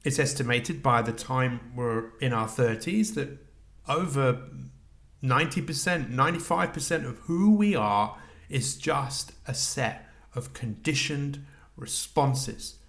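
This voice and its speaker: A man's voice: mid-range voice, takes it slowly, fairly bright tone. A middle-aged man hosting a solo coaching podcast, talking reflectively, asking the listener questions and restarting his sentences.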